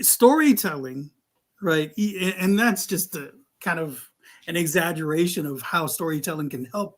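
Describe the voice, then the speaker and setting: Guy with a high voice, talks slow, animated storyteller doing callers' voices, casual cohost chat. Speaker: co-host. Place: live studio.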